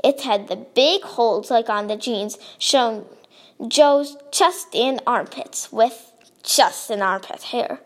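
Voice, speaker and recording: A woman reading her own story aloud in a lively, expressive way. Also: fairly high pitch, slow.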